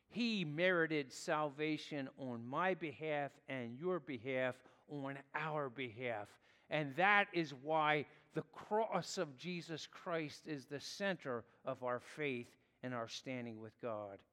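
A man preaching a sermon as pastor, earnest and deliberate, leaning on key words. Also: on the high side, fairly bright tone, long reverb tail.

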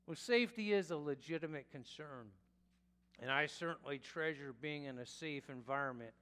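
A male pastor preaching a sermon in a slow, deliberate way, sometimes correcting himself mid-phrase. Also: fairly high pitch, fairly bright tone. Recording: long reverb of a church hall.

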